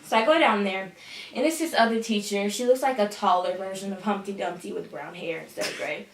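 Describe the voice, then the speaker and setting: A woman's voice: mid-range voice, a little fast, distant mic, slight background noise. A teenage girl tells a storytime vlog casually, with sass and dramatic asides. She sits a little back from the mic. The room around her sounds echoey. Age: teens. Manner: sassy, dramatic, says "honey". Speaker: vlogger telling a story.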